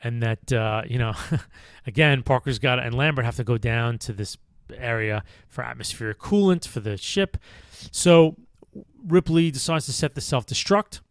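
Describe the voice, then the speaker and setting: A man's voice: mid-range voice, moderate pace, no room sound. Man casually recapping a film. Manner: rambling, thinks aloud with fillers and restarts. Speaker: podcast host.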